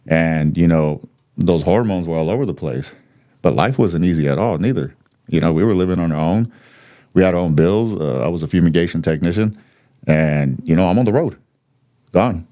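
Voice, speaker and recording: Man, 30s, very deep voice, blunt, swears freely, candid podcast storytelling. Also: expressive, normal speed, warm tone. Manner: blunt, swears freely, laughs between points. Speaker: podcast guest.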